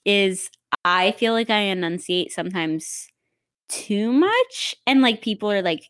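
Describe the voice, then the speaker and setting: Young woman from south dakota, podcast cohost, giggly and animated, lots of quoted bits. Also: medium pitch, measured pace, clear, resonant tone. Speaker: podcast co-host. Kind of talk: casual chat.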